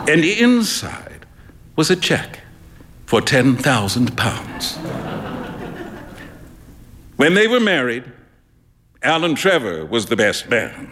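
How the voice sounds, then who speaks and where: Brief: male stage reader, animated and expressive, in a reverberant hall. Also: mid-range voice, slow pace, long pauses. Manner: expressive, theatrical. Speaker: performer reading a short story. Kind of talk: live dramatic reading.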